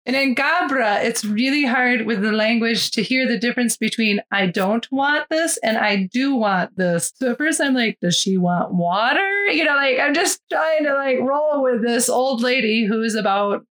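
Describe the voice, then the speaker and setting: A woman's voice: on the high side, animated, normal speed, few pauses, fairly bright tone. A woman, a missionary and mother, telling a testimony and mimicking the voices of the people in it. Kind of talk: storytelling testimony.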